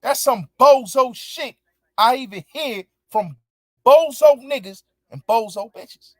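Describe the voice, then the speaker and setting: In clean, dry studio audio, a show host with a very high-pitched voice and lively intonation delivers a slow, heated rant answering his viewers. He's angry and emphatic, cursing heavily and repeating himself.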